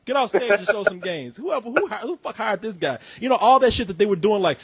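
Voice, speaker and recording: A man hosting a casual call-in show, ranting in a profane, animated way with jokey asides. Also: high-pitched, a little fast, hardly any pauses, slightly rough, no room sound. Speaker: host. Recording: dull, muffled audio.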